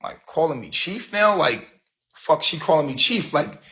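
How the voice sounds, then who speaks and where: A man's voice: a little high, expressive, moderate pace, a bit bright. A man hosting a livestream, telling a story in a heated, profane rant full of street slang. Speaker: livestream host.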